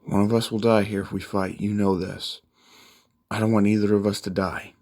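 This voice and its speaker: A man's voice: on the low side, level tone, moderate pace, darkish tone, lightly acted. A man voicing a brash, foul-mouthed young male hero who talks bluntly and confrontationally in a fan-made story. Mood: pleading.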